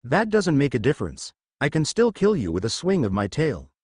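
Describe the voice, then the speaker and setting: A gloating male sand demon, arrogant and taunting, in a fan-made anime storybook reading, which a man puts on. The delivery swings lively in pitch. The sound is dry and close. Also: a little fast, slightly rough, no room sound, full character voice. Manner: boastful, taunting.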